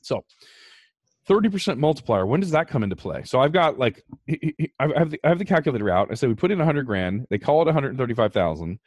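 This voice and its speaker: A man's voice: mid-range voice, quick pace, no room sound, studio quality. A man hosting a podcast, explaining finance numbers in a casual, emphatic way. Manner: animated, emphatic, talks through numbers. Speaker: podcast host.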